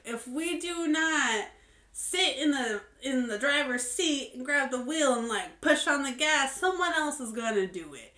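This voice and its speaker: A woman's voice: sits high, lively intonation, unhurried, pushed and bright. A young adult woman talking candidly in a casual, reflective monologue, full of "like" and "um". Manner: candid and earnest, many fillers like "like" and "um". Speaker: vlogger. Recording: roomy echo.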